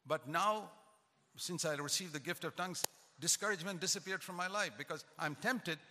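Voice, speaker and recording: An older man preaching a sermon, emphatic and rising in pitch to stress his points. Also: normal speed, noisy background. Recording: long hall reverb.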